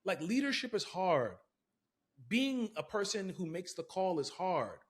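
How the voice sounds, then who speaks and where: A man hosting a relaxed movie review conversation, his voice sitting a little high for a man. He speaks thoughtfully, then builds into emphatic, heartfelt bursts. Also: unhurried. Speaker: podcast host. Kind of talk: casual movie review chat.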